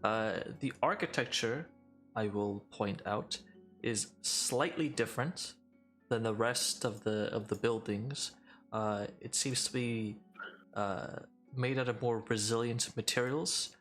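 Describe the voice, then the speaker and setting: A man's voice: medium pitch, takes it slowly, fairly bright tone. A male game master describes a scene in a tabletop game, wandering through his sentences with hesitations and restarts. Faint music runs behind him. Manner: rambling, many fillers and restarts.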